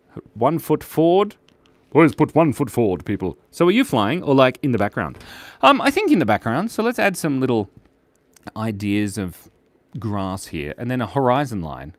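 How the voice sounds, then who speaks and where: A man's voice: fairly low pitch, no room sound. A man hosting a live drawing stream in a playful, chatty, jokey way. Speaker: host and illustrator.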